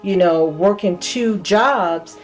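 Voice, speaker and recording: A woman who grew up in California, a podcast guest telling a personal story in a lively, laughing way. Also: mid-range voice, slow pace, soft background music. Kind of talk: casual storytelling.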